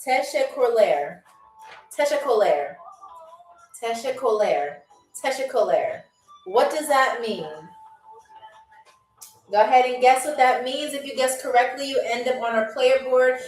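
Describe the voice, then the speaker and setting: A woman hosting a live-streamed trivia game. She is chatty and playful, and she repeats foreign words slowly for her viewers. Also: high voice. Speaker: game show host. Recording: echoey room, distant from mic, faint music.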